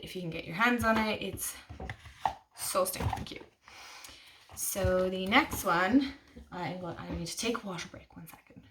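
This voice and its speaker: A woman chatting casually on her vlog, gushing and excitable, full of fillers and restarts. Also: medium pitch, distant mic, slight background noise. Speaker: tarot vlogger. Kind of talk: casual chat.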